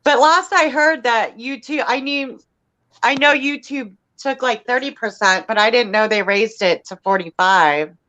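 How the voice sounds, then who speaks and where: Slow-talking bright-voiced woman. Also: a little high. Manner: slow and searching for words, with fillers. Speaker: co-host of a live crochet show. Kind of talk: casual live-stream chat.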